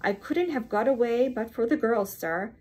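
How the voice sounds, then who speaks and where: A woman's voice: fairly high pitch, moderate pace, a little mellow, husky. Woman reading an earnest, polite young man. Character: eager, earnest young Englishman, deferential.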